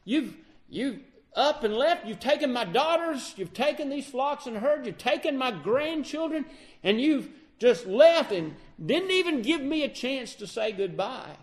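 An indignant, accusing old herdsman, as a storyteller puts him on, his voice pushed up high and sharp with grievance. He speaks as the wronged head of a family in a retold Bible story. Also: very animated, unhurried, heavily acted. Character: angry aggrieved older male herdsman, father-in-law.

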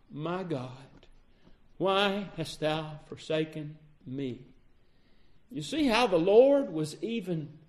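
Impassioned male preacher, rising and falling. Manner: dramatic preaching with wide swings in pitch and loudness. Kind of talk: sermon.

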